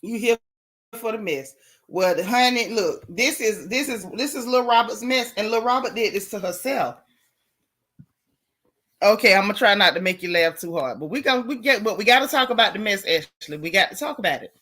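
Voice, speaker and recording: A middle-aged woman, host of a live gossip stream, chatting in a sassy, animated, colloquial way. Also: mid-range voice, moderate pace. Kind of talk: casual gossip chat, greeting live chatters.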